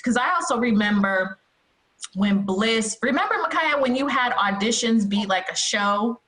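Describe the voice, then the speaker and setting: Woman co-host, bright sharp voice, chatty, animated, echoey room. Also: on the high side, normal speed. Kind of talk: casual interview chat.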